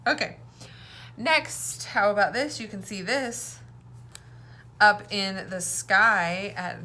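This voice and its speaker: A woman teaching an early-reading phonics lesson, speaking slowly and clearly and prompting children to repeat words after her. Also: mid-range voice, pushed and bright, slight background noise. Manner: slow, clear, encouraging teacher talk with call-and-response prompts.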